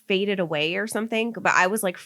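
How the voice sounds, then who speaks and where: A woman's voice: medium pitch, fairly quick, fairly bright tone. A young woman on a podcast, telling a story in casual chat and rambling with constant filler words. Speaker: podcast co-host.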